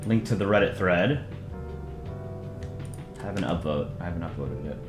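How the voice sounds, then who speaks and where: A man's voice: sits low, normal speed, roomy sound, music in the background. Laid-back man streaming comic reviews. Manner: relaxed, self-deprecating, lots of ums and restarts. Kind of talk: casual live-stream commentary.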